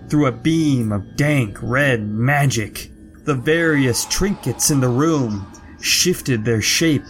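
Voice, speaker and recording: Slow, dramatic male storyteller. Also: medium pitch. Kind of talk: reading a spooky story aloud.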